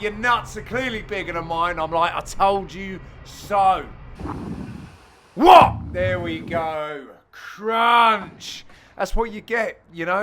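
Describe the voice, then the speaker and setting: A middle-aged man giving a cheeky, joking voice-over on his own amateur padel match, with sudden loud exclamations. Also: sits high, a little hiss or hum. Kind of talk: jokey voice-over commentary on match highlights.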